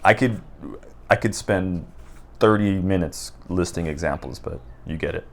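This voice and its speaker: A man talking off the top of his head in an unedited video, rambling and halting with many restarts. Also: low voice, creaky. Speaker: book vlogger. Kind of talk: unscripted casual talk to camera. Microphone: raw unedited recording.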